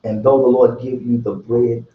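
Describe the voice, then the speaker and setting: A man preaching to a bible study group in an animated, colloquial way, slipping into whiny prayer voices. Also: medium pitch, moderate pace, a little hiss or hum. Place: church room. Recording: echoey, distant, dull church recording.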